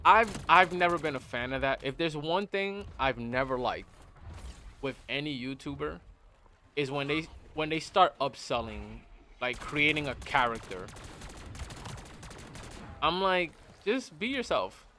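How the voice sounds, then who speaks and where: Against slight background noise, a man with a higher voice streams a game, speaking a little slowly and pausing often. His casual opinion talk is blunt and animated, with phrases repeated again and again.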